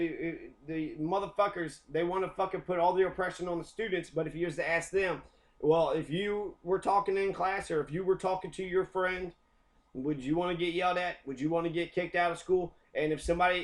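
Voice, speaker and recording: Profane, heated young American man ranting. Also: fairly high pitch. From United States. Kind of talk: angry rant.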